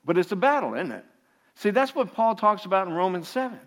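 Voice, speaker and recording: A man's voice: high voice, very animated, fairly quick. A man preaching a sermon as an informal story, laughing often and restarting his sentences. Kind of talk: anecdotal sermon.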